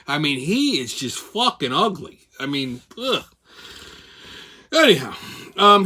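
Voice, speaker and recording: A man's voice: high voice, pushed and bright. Profane ranting male commentary host. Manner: profane, sarcastic, blunt. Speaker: host of a weekly commentary show.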